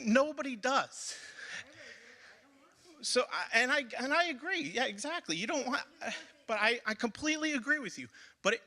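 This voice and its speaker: A man's voice: sits high, sharp tone. A man on a school building committee giving an impassioned speech at a public forum, repeating phrases for emphasis. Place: public meeting hall.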